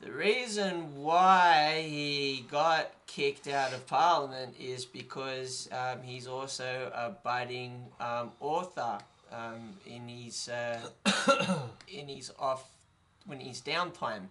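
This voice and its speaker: A man's voice: medium pitch, slow pace, sharp tone. A man hosting a casual podcast chat, full of ums and dry sarcasm. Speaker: podcast host.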